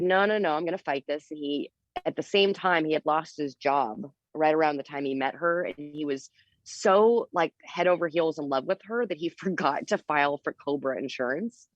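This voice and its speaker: A woman guest on a podcast telling a story in a casual, animated way. She is candid and uses a lot of fillers. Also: low voice, moderate pace, no echo, muffled recording. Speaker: interview guest.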